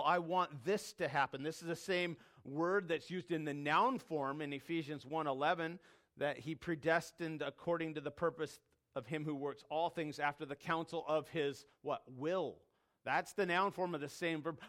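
A man's voice: a little high, moderate pace, a bit bright. A man preaching a sermon, emphatic, repeating key words and dropping his voice when quoting scripture. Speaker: pastor.

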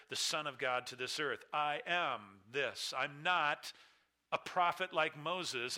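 A man's voice: fairly high pitch, sharp tone. A man preaching a sermon, teaching through a scripture passage with an emphatic, repetitive cadence. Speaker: pastor.

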